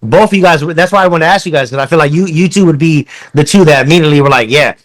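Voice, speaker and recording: Podcast host, male, slightly higher voice, rambling and profane. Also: rapid-fire. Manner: rambling, profane, many restarts. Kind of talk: casual chat.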